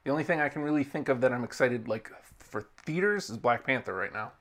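Laid-back man with an animated voice. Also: mid-range voice, quick pace. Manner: laid-back, swears casually. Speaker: podcast co-host. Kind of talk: casual chat.

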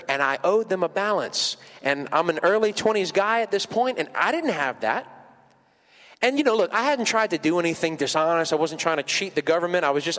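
A man in his thirties preaching a sermon in a church sanctuary, telling a personal story in a chatty way with lots of fillers, his voice climbing high when he gets emotional. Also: fairly bright tone, long reverb tail. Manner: conversational, many fillers, rises high and emotional at peaks. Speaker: pastor.

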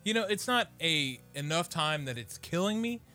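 A man's voice: a little high, lively intonation, normal speed, pushed and bright, faint music behind. A man co-hosting a casual podcast who talks in an easygoing, rambling way with many fillers. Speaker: podcast co-host. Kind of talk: casual chat.

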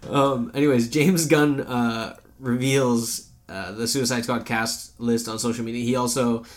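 A man co-hosting a podcast in a loose, rambling way. He swears casually and jokes with his co-host. His pitch sits right in the middle for a man. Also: steady tone, a little slow. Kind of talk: casual chat.

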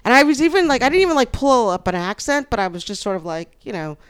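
Woman, podcast guest, casual storytelling, smooth clear voice, acts out the others in her story. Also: a little high, very animated, fast.

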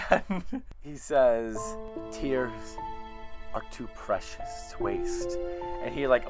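Slow, laid-back male podcast co-host. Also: medium pitch. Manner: slow, relaxed storytelling with quiet chuckles. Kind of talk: casual chat recapping a show.

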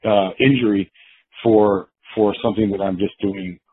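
A man's voice: fairly low pitch, steady tone, normal speed, husky. A man casually telling a long story, acting out the quotes of the people in it, with many restarts. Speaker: guest storyteller. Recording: tinny phone-like line.

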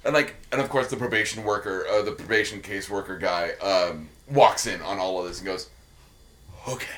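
A young adult man co-hosting a casual chat, rambling and swearing freely, dropping into quick silly voices. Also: low voice, fairly bright tone. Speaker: podcast co-host.

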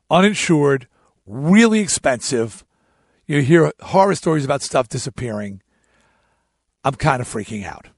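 A man hosting his own show, telling a story in a casual, animated monologue with frequent restarts. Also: medium pitch, gravelly, husky, no echo, studio quality. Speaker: show host.

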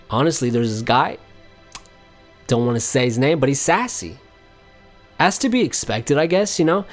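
A man hosting a casual solo podcast, rambling and joking with plenty of profanity. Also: mid-range voice. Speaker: podcast host.

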